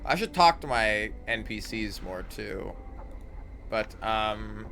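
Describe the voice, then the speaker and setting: A man's voice: fairly low pitch, slow, over music. A male streamer giving casual gameplay commentary, muttering to himself and reading game text aloud.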